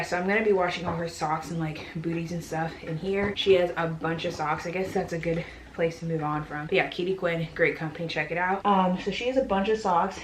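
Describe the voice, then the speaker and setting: A young pregnant woman chatting casually and gushing as she shows off baby clothes, a little out of breath. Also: deep voice. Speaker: vlogger. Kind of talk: casual haul chat. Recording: echoey room with faint noise.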